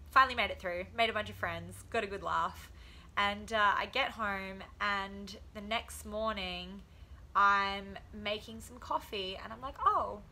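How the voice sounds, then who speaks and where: A woman's voice: medium pitch, sharp tone, slight background noise. A young woman telling funny stories in a casual vlog, laughing often and acting out quotes. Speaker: vlogger, professional boxer.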